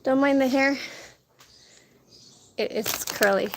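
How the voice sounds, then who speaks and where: Against noisy street sound and wind, a food vlogger with a high-pitched voice speaks extremely slowly. Her casual chat is full of laughter and retellings of others' words.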